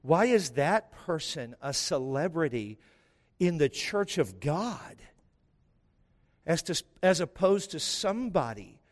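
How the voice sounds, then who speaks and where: Impassioned male pastor preaching in a hall. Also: high voice. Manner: impassioned, emphatic preaching with rhetorical questions. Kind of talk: sermon. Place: church sanctuary.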